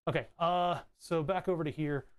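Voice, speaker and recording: A man talking on a live stream as he works on electronics at his bench. He rambles in a wry, offhand way and swears now and then. His voice sits a little high and comes through a desk mic with a dry, close sound. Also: moderate pace, smooth, no echo. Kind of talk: casual live-stream chat while tinkering. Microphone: desk microphone.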